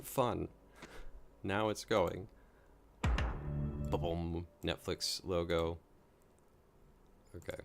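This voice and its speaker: Deep gravelly man, rambling stream host. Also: takes it slowly, pauses often. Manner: rambling and joking, laughing at himself. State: tired, late at night. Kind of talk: casual commentary.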